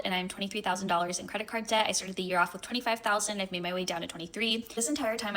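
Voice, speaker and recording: Bright, exasperated woman in her thirties. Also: mid-range voice, rough recording. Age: 30s. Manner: confused, exasperated, explaining. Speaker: social media poster. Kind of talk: casual talk to camera.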